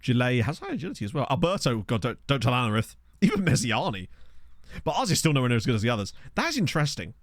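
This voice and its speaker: A man talks through a football management game on his stream, musing aloud in a loose, chatty way. His pitch swings up and down a lot as he reacts. The sound is close and dry, with no room around it. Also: big pitch swings, quick pace, no room sound. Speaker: gaming streamer. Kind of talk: casual let's-play commentary. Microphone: desk microphone.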